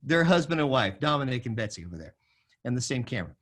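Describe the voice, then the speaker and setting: A man giving a sermon-style talk to a live audience, emphatic, at times dropping to a soft low voice and leading the audience in repeating phrases. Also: big pitch swings, quick pace, a little hiss or hum. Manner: emphatic, varies loudness widely, drops to a soft low voice for quoted lines. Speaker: speaker at a school of music forum.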